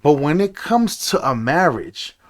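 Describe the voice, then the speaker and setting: A man delivers a heated, preachy rant straight to camera. He stumbles and repeats himself as his frustration builds. His voice sits slightly high. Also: sing-song, a little slow. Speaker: commentator.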